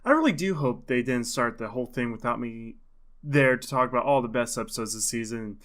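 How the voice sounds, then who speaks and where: A man acting out a frantic man who is left behind, speaking in a put-on accent and breaking into panicked shouts. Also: medium pitch, lively intonation, brisk, natural voice. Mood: grumbling.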